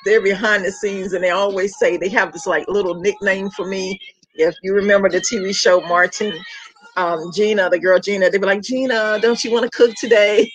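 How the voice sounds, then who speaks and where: A middle-aged woman from Georgia with a Southern accent, hosting her food page in a warm, chatty welcome talk that repeats words for emphasis. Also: medium pitch, rough recording. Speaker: home cook and food page host. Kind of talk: casual heartfelt welcome chat.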